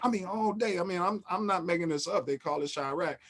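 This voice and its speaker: A man, hosting and telling a story in casual chat, animated and repeating and restarting his phrases. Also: high-pitched, fast talker. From Chicago. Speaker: host.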